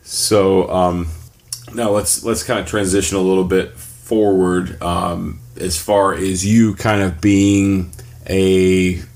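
Man, very deep voice, podcast host, casual interview, quick reactions. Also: level tone, a little mellow. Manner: short encouraging reactions, leads the questions.

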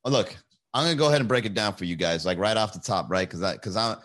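A male stand-up comedian telling a story in a casual livestream, rambling, animated and full of profanity. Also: lowish voice, fast talker.

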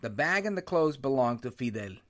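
A man hosting his own podcast, talking in an animated, opinionated way and dropping in Spanish words. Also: medium pitch, a little fast. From United States. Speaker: podcast host. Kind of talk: solo podcast monologue. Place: New York.

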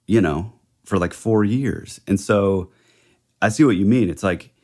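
A man's voice: on the low side, a little slow, darkish tone. A man co-hosting a casual podcast, thinking aloud hesitantly with many fillers. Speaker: podcast co-host. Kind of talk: casual chat.

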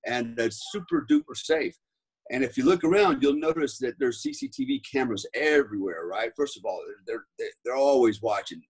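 Husky-voiced man telling war stories. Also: medium pitch, big pitch swings, normal speed. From United States. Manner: rambling, profane, lots of fillers. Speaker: podcast guest. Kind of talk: casual storytelling.

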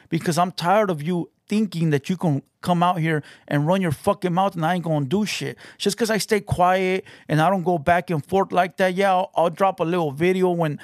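Man, podcast host, combative and profane, slightly high voice, dry close sound. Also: dry recording. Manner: profane, confrontational, taunting. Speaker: podcast host reacting to clips. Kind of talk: heated reaction commentary.

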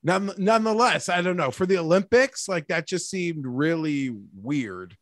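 A man's voice: high-pitched, lively intonation, moderate pace, no echo, clean studio sound. A man co-hosting a casual podcast chat, wry and a bit rambling. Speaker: podcast co-host.

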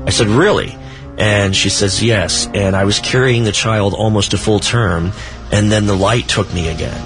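Low-voiced man telling a paranormal story. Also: fairly even intonation, over music. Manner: measured storytelling with dry asides. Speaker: paranormal author and researcher guest. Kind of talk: radio talk show interview.

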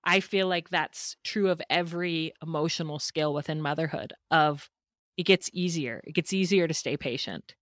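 A woman hosting a podcast, with a low, deep voice and an affirming, encouraging way of speaking. The sound is dry and close, with no room echo. She talks in a relaxed, conversational tone. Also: normal speed. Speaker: podcast host.

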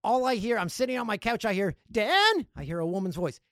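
A man hosting a podcast, telling stories in a casual, animated way and acting out other people's lines. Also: sits high, quick pace, no room sound, studio quality. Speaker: podcast host. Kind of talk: casual storytelling.

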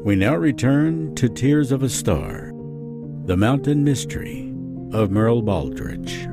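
Against loud music, a gravelly-voiced man narrates true crime with a sing-song, measured delivery, his pitch swinging widely as he tells the story dramatically. He hosts the podcast and also narrates audiobooks.

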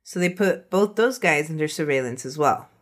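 A woman's voice: deep voice, expressive, normal speed. A woman hosting a true crime podcast, telling the case in casual chat, laughing often and acting out quotes. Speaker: podcast host.

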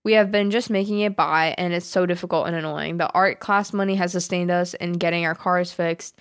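Low-voiced woman reading a letter aloud. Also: a little fast, smooth. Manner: plain, steady reading with small laughs at the jokes. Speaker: podcast co-host.

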